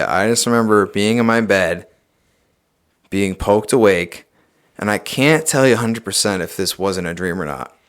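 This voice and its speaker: Man telling a story, animated. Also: lowish voice, clear, resonant tone. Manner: animated, swears often, says "dude" and "like". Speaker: podcast guest. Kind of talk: casual storytelling.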